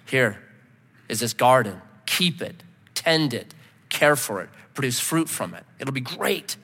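Male preacher, animated storyteller, bright, sharp tone in a reverberant hall. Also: mid-range voice, measured pace, slightly rough. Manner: animated storytelling, acts out his own shouts. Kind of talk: sermon with a story.

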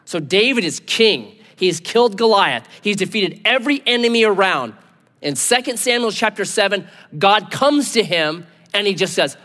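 A man preaching a sermon, acting out biblical figures in quick, lively asides. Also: sits high, in a large hall. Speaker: pastor.

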